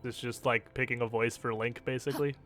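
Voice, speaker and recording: Bright-voiced joking young streamer man. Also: medium pitch, brisk, faint music behind. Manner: joking, profane, animated. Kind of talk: casual gameplay commentary.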